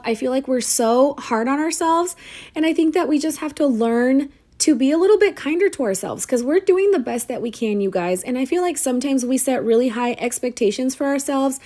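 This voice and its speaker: A woman talking viewers through a craft tutorial in a voice-over, bubbly and chatty, slightly hoarse from recording, with self-deprecating jokes. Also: fairly high pitch. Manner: bubbly and chatty, keeps addressing viewers as you guys. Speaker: crafter demonstrating a tumbler project.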